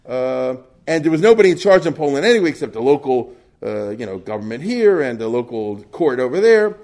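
A man's voice: medium pitch, very animated, fairly quick, a little mellow. A man giving a history lecture in a conversational, rambling way, with many fillers, asides and rhetorical questions he answers himself.

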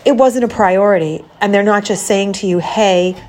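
A woman's voice: medium pitch, brisk, darkish tone, soft background music. Nasal woman with a cold, chatting. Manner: conversational, with fillers and restarts. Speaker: podcast host, mindset coach. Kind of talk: casual chat.

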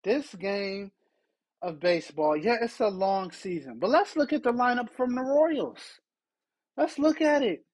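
A man's voice: high-pitched, big pitch swings, a little slow, low-quality recording. A man hosting a solo sports podcast, ranting with exasperated rhetorical questions. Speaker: podcast host.

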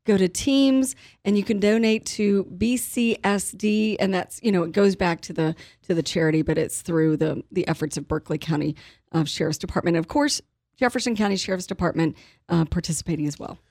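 A woman co-hosting a local radio talk show, giving listener updates in a relaxed, friendly tone and laughing easily. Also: lowish voice, no room sound, studio quality. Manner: quick to laugh, encouraging backchannel. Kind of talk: casual radio chat.

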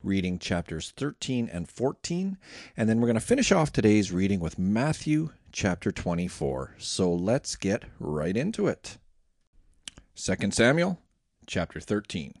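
A man reads scripture aloud as a daily reading host, his voice rising and falling with lively movement. The recording is dry and close, with no room sound around him. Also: lowish voice, measured pace, dry recording.

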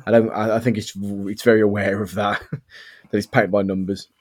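A man's voice: fairly low pitch, little pitch movement, moderate pace, darkish tone. A man co-hosting a podcast, talking through a film with hesitant phrasing and dry humour. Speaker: podcast co-host. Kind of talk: casual film review chat.

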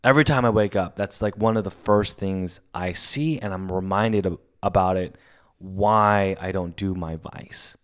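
A man's voice: deep voice, a little slow, clean tone. A man hosting a solo podcast, talking in an emotional, confessional and rambling way. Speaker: podcast host. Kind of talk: casual solo podcast monologue.

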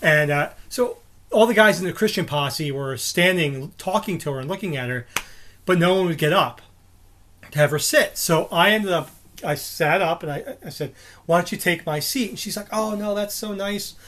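A man's voice: a little high, moderate pace, a bit bright. A man in his forties from New Jersey, co-hosting a podcast and telling a rambling story full of restarts and fillers. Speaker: podcast co-host. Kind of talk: casual storytelling chat.

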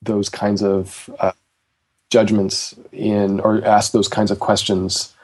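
Hesitant low-voiced male jazz teacher. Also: completely flat delivery, slow pace, a little mellow. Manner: hesitant, many restarts, laughs easily. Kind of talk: casual conversation about practice.

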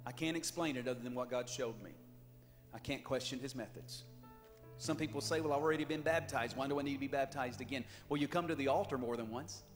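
A man's voice: mid-range voice, fast talker. A man, preaching a fervent revival sermon and calling out to his congregation. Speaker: pastor. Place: church sanctuary. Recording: reverberant hall with music.

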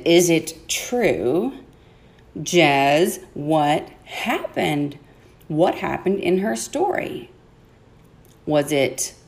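A woman hosting a podcast, retelling a Bible story in a playful, dramatic way, acting out the characters and laughing often. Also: mid-range voice. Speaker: podcast host.

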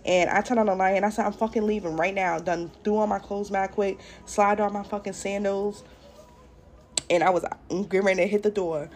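A woman's voice: mid-range voice, steady tone, brisk, darkish tone, slight background noise. A young woman hosting a casual storytime vlog, talking bluntly and profanely straight to her viewers. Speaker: podcast host. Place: at home doing makeup.

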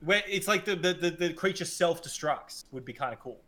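A man's voice: a little high, animated, moderate pace, pushed and bright. A man co-hosting a podcast, chatting casually about a film and swearing as he retells scenes. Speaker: podcast co-host. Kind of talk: casual film review chat.

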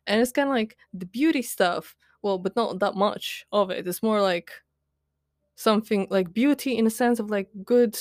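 A woman's voice: medium pitch, moderate pace, no room sound, clean studio sound. Young woman rambling, laughing diary rant. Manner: rambling, full of "like" and fillers, laughs often; self-mocking, candid. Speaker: podcast host.

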